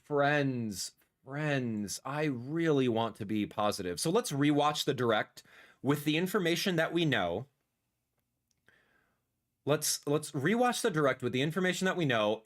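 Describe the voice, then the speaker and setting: A young man streaming a live reaction, ranting and exasperated, with sudden loud outbursts. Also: fairly high pitch. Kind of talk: casual livestream reaction.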